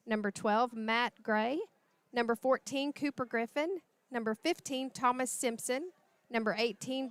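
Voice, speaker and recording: Lady in her 40s on the game broadcast, high voice, chatty, reading off names. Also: clear, resonant tone, no echo. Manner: chatty, reading out name lists. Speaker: broadcast announcer. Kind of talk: livestream sports announcing.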